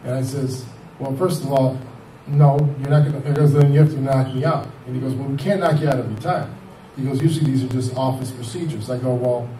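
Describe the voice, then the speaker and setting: Man in his 50s, rambling personal storyteller, mellow tone, distant mic in a roomy space. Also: mid-range voice, a little hiss or hum. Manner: rambling, animated retelling with quoted dialogue. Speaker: cancer survivor telling his story. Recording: echoey room, voice from far off.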